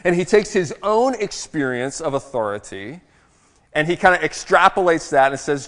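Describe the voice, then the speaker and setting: A man preaching a sermon to a congregation in a conversational, animated way, with self-deprecating asides. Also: fairly high pitch, moderate pace, long reverb tail. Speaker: pastor.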